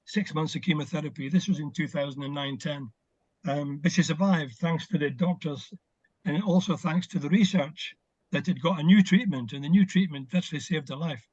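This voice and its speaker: An older retired footballer, interviewed casually over video call, warmly recalls old stories with lots of fillers. His high-leaning voice is slightly rough at normal speed, in a dry, muffled recording.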